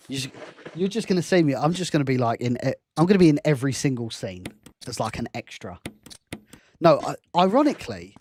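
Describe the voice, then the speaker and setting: A young man, a game streamer who also directs fan films, laughs often as he gives rambling, self-deprecating commentary while playing. His medium-pitched voice is a little mellow, and there's a bit of hiss or hum.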